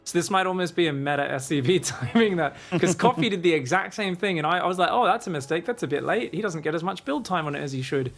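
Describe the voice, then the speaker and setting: A man rattles through live esports play-by-play at a quick clip. His voice sits somewhat high, and he drives each point forward with energy and frequent tag questions. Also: animated, fairly bright tone. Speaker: esports caster.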